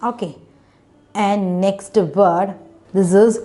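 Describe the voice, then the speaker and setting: This woman draws out her words in a medium-pitched voice while teaching kids phonics, spelling words letter by letter. Her grammar suggests English isn't her first language, and "isn't it?" comes up often.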